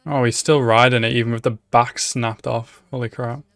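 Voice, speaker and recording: Excitable young man, dry close sound. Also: mid-range voice, moderate pace, vocal fry, no room sound. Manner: excitable, swears a lot, laughs and shouts at the screen. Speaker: anime reaction YouTuber. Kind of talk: casual reaction commentary.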